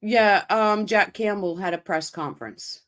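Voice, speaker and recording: A woman's voice: mid-range voice, a little slow, fairly bright tone. Blunt, profane woman livestream host. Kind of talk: casual commentary over press clip.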